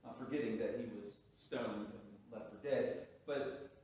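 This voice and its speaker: A man's voice: mid-range voice, fairly even intonation, unhurried, mellow, slight background noise. A man preaching a sermon as pastor, telling a story with restarts and rising emphasis. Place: church sanctuary. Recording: very echoey hall, from a distance.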